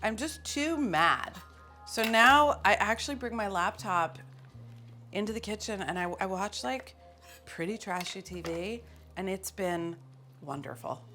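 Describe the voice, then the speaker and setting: A woman's voice: medium pitch, lively intonation, a little slow, bright, forceful tone, soft background music. A woman hosting a cooking show, talking casually and poking fun at herself while she cooks in a kitchen. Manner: chatty and self-mocking, with frequent laughs.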